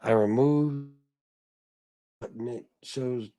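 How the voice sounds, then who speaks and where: A man's voice: on the high side, animated, moderate pace, a little mellow, no echo. Blunt, profane livestream host man. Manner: profane, blunt, addresses chatters as bro. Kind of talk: casual livestream chat reading comments.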